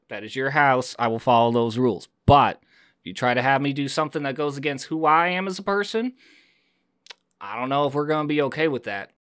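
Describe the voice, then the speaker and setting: A man's voice: mid-range voice, a bit bright, clean tone, dry recording, clean studio sound, natural voice. Man playing an indignant, rambling sailor. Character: earnest, grumbling male sailor with a conscience. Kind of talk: in-character tabletop play.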